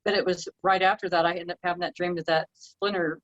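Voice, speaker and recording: A woman with a lowish voice co-hosts a relaxed spiritual chat, thoughtfully sharing personal stories. Her recording sounds dull and dry, with no room around it. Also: fast talker, dry recording. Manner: reflective, relating personal experiences. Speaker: co-host.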